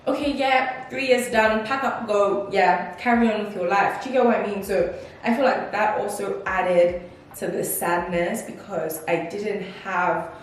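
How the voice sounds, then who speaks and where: An unhurried woman in her twenties with a steady, mid-range voice chats reflectively in a casual vlog updating viewers on her life, using many fillers and acted-out quotes. A far-off mic captures a very echoey room and faint noise.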